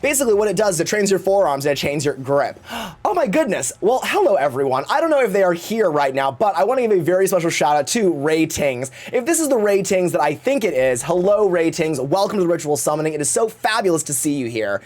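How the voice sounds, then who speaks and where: Man, streamer, campy and theatrical, very lively pitch, casual live-stream chat. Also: fast talker. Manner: campy, theatrical, swears freely.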